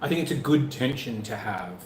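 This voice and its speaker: A man's voice: mid-range voice, expressive, brisk. A man co-hosting a travel live stream in casual chat, joking and rambling with many restarts. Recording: echoey room, faint background noise.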